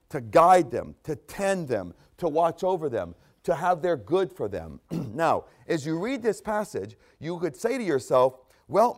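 A man preaching a sermon, reading scripture aloud and explaining it, repeating phrases for emphasis and clearing his throat now and then. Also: fairly high pitch, a little mellow.

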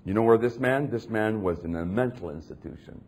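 Male preacher, husky voice, very lively pitch; dramatic sermon delivery swinging between hushed and loud. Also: a little fast.

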